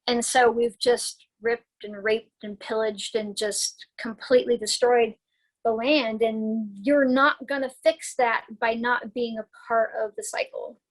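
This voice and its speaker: A woman's voice: on the high side, steady tone, a little slow, rough recording. Chatty rambling woman herbalist, recovering from a concussion. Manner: chatty, rambling, laughs often, many likes and restarts. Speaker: guest herbalist. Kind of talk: casual podcast interview.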